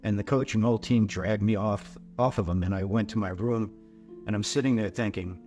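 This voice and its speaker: Low-voiced older man telling his story. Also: a little mellow, faint music behind. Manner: halting, repeats words when emotional. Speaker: storyteller recounting his life. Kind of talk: personal testimony.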